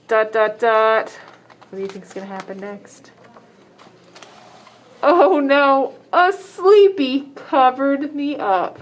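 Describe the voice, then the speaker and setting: A woman librarian reading a picture book aloud to children, dramatic in the exciting parts and stopping to ask the listeners questions. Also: high-pitched, takes it slowly, long pauses. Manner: expressive, dramatic exclamations, asks children questions.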